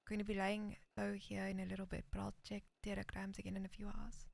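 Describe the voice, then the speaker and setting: Soft-spoken woman with vocal fry. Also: medium pitch, completely flat delivery, quick pace, no room sound. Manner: reads messages aloud, often dropping into a whisper. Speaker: roleplay streamer. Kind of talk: in-character western roleplay chat.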